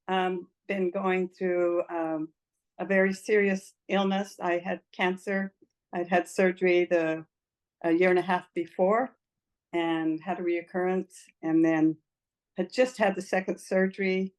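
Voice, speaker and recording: An older woman with a lowish, somewhat dark voice shares her personal story as an interview guest. She speaks earnestly and with emotion, laughing often throughout this conversational testimony.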